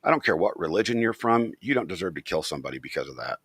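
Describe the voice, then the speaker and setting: A man's voice: low-pitched, very animated, fast, fairly bright tone, slightly rough, no echo. A man hosting his channel, talking straight to the camera in a blunt, profane, opinionated rant. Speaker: channel host.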